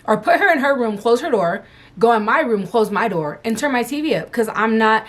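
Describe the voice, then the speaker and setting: A woman's voice: a little high, lively intonation, fairly quick, a bit bright. A young adult woman at home answering viewer questions about motherhood in a candid, loose, casual chat. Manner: frank, candid, loose and chatty.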